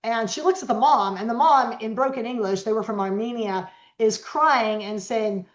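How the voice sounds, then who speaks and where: Middle-aged woman, lively storyteller, slightly high voice, echoey dull lo-fi sound. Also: normal speed, few pauses. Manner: animated storyteller acting out quoted voices. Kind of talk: storytelling interview talk.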